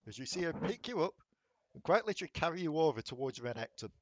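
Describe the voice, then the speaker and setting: A man's voice: fairly high pitch, very animated, no room sound, lo-fi sound. A man running a tabletop game as game master, narrating and rolling dice with a chatty, laughing manner. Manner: chatty, laughs often, quick bursts of rules talk.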